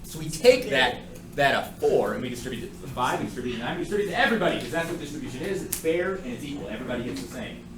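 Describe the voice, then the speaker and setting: A man's voice: mid-range voice, racing, roomy sound. A man teaching a math class, explaining with jokes and asides to his students. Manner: joking, lively, asides to students. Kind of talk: classroom lecture.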